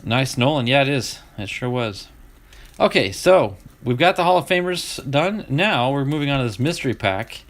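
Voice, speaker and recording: A man's voice: medium pitch, expressive, moderate pace, a bit bright. Chatty Southern man opening cards. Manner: chatty, laughs easily, restarts and trails off. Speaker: card-breaking streamer. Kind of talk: casual chat.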